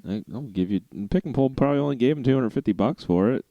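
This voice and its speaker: A man's voice: medium pitch, fast, no room sound, muffled recording. A man co-hosting a car podcast, telling rambling stories in a laid-back way and laughing often. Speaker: podcast co-host. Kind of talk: casual chat.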